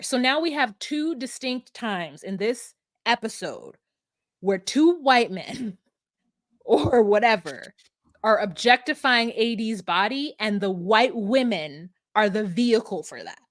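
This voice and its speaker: A woman co-hosting a podcast, retelling a reality show in casual, animated chat full of "like". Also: on the high side, slow, no room sound, studio quality. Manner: animated storyteller, frequent "like". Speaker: podcast co-host.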